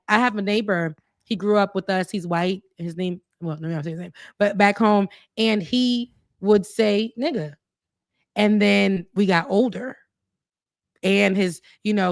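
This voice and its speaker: A woman's voice: medium pitch, no room sound, clean studio sound. A young woman co-hosting a casual podcast, chatting animatedly and reading out viewer comments. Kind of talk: casual chat.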